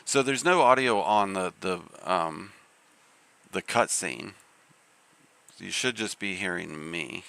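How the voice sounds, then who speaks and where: Gravelly low-voiced man streaming. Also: slow pace, long pauses, pushed and bright. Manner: rambling, many fillers and restarts. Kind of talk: casual live-stream chat.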